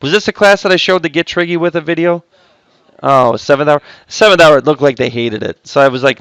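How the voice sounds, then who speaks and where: A man's voice: a little high, brisk, a bit bright, smooth, no room sound. Joking male math teacher in class. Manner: chatty, joking asides to students. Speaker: high school math teacher. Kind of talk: recorded classroom lesson.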